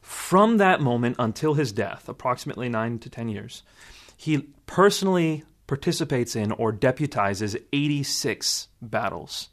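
A man, a guest in an interview, explaining in a measured way and quoting sources at length. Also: medium pitch, lively intonation. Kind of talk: interview answer.

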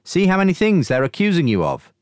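A man's voice: fairly high pitch, huge pitch swings, fast talker, no echo, clean studio sound, voice pushed up. A man voicing a middle-aged Roman governor who presses his questions in a raised, questioning delivery. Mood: incredulous.

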